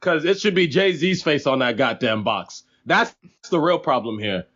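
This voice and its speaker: A man's voice: mid-range voice, unhurried, highs cut off. A man co-hosting a podcast in casual chat, joking and acting out quotes. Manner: animated, joking, acts out quotes. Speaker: podcast co-host.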